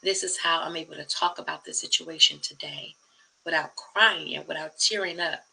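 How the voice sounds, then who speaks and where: Gravelly, bright-voiced woman sharing testimony. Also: low-pitched, fairly even intonation, moderate pace, poor audio. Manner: earnest and emphatic, often dropping to a soft hush. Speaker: channel host. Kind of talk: personal testimony vlog.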